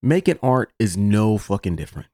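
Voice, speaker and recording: A man hosting a podcast, telling a story in a casual, animated, profane way. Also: on the low side, moderate pace, no room sound, clean studio sound. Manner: animated, profane, laughs through his story. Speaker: podcast host.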